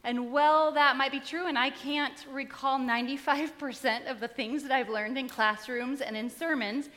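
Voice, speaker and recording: This woman pastor's voice sits high, with a steady, fairly bright tone at normal speed. Preaching in a church sanctuary where the sound carries a long hall reverb, she shares life stories conversationally with some light humor.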